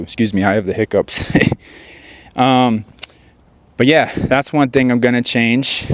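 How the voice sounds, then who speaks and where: A man with a mid-range voice hosts a car channel, standing outdoors next to his car and chatting casually with his viewers, whom he addresses directly. The recording has no room sound.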